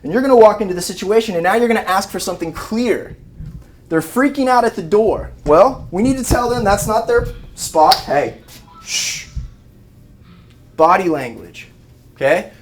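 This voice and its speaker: Animated man teaching a class. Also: high voice, fairly quick, a little hiss or hum. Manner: animated, acts out scenes with shouted mock voices. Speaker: animal behavior trainer. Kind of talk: live teaching talk to rescue volunteers.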